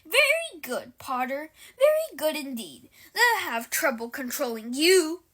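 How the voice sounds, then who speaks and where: A woman reading aloud from a storybook and voicing a gruff, intense old male wizard teacher who growls and barks orders. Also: high voice, sing-song, unhurried, a bit bright, exaggerated voice. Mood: barking.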